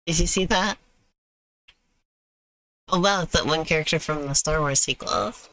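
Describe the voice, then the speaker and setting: A woman's voice: sits low, moderate pace, a bit bright. A woman chatting casually while streaming a video game, full of fillers and laughs. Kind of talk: casual chat while gaming. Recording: live stream with game music behind.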